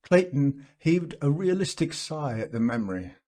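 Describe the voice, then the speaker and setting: A man reading a classic short story aloud for learners, unhurried with occasional fillers. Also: fairly high pitch, very animated, warm tone. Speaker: audiobook reader.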